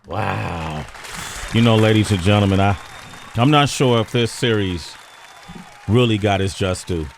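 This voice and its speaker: A man's voice: fairly low pitch, measured pace, gravelly, some chatter behind, slight background noise. A man from Oakland, California, with a West Coast American accent, hosting a talk show in a playful, rambling way. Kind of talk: casual chat.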